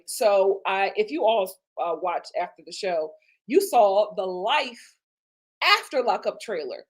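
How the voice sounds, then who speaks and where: Female host, high and lively voice, gossipy live TV review, frequent laughter. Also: rough recording. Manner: gossipy, animated, laughs often. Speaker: TV show reviewer, channel host. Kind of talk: live reality-show review.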